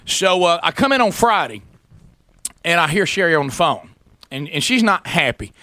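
A man, hosting a talk radio show and telling a story in a lively way, acting out the people in it. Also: a little high, normal speed, no room sound. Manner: animated, acts out quoted voices, sarcastic. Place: radio studio.

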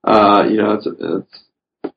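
A man's voice: fairly low pitch, steady tone, takes it slowly, creaky, slight background noise. Rambling man on a dull, lo-fi recording. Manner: rambling, full of "you know" fillers. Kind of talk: casual podcast chat.

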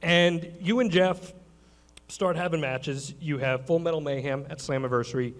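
Energetic, blunt male show host. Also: on the high side, moderate pace. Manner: energetic, blunt, swears casually. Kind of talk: live stage talk show.

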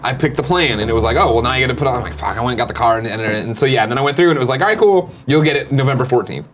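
A man's voice: medium pitch, lively intonation, racing, fairly bright tone, slight background noise. A man co-hosting a casual morning show, rambling through profane anecdotes. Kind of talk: casual chat.

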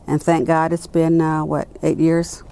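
An executive in her late fifties, appearing as a guest in a conversational interview, tells her story with animation and acts out the dialogue she quotes. Her voice is low, mellow and a little slow, with a flat delivery and slight background noise.

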